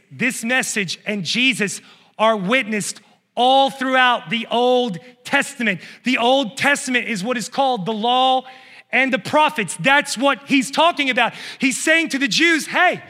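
Fervent male preacher, high bright voice, long hall reverb. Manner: fervent, building to shouts. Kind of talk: sermon.

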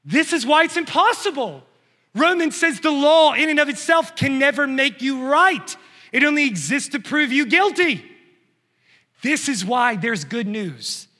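Fervent male preacher, high bright voice, long hall reverb. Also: expressive, a little slow. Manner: fervent, building to shouts. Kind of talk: sermon.

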